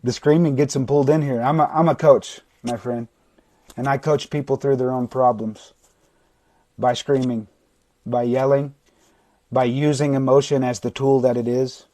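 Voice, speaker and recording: A man streaming live as a recovery coach, talking bluntly to his viewers and swearing often, with sudden shouting and long stretches of quieter, softer talk. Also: medium pitch, steady tone, moderate pace, no room sound. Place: indoors, livestream. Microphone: phone or webcam mic.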